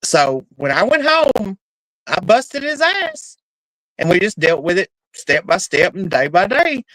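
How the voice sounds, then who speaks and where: A middle-aged woman telling stories in casual chat, animated and laughing, with plenty of cursing. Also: mid-range voice, measured pace, no echo, rough recording. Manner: animated, laughing, profane storyteller.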